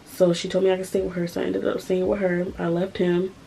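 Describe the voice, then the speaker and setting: A young woman in her twenties with a low, flat, gravelly voice tells a story straight to her camera. She talks bluntly and swears freely, hammering her points home in a casual vlog style. A faint hiss sits under her voice. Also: quick pace, rough recording. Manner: blunt, profane, emphatic storytelling. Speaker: vlogger.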